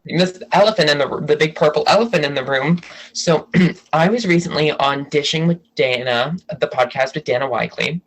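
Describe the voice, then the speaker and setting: A man guesting on a podcast, telling gossip in an animated way and acting out what people said. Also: on the high side, moderate pace, low-quality recording. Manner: animated storyteller, acts out quotes. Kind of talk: casual gossip chat.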